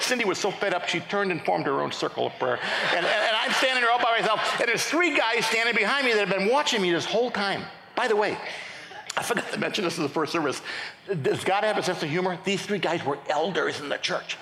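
A middle-aged male pastor telling his testimony in a lively sermon, often restarting his sentences. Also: sits high, fast talker, gravelly, slight background noise. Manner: animated storytelling with repeated restarts. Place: large church sanctuary. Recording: echoey church hall.

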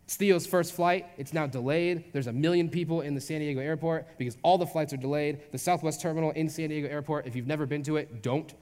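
A man's voice: fairly high pitch, fairly even intonation, fast, few pauses, darkish tone. A young man, a youth pastor, telling a personal story in a casual, chatty sermon full of fillers. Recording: long hall reverb.

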